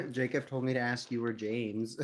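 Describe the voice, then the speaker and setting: A man's voice: mid-range voice, measured pace. A young man chatting casually as a player in a tabletop game, easygoing and laughing often. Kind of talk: casual chat.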